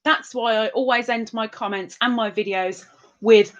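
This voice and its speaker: A woman's voice: a little high, fairly quick. A woman, hosting a livestream and chatting casually as she reads out and greets viewers' comments in a sing-song, giggly way. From England. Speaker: livestream host.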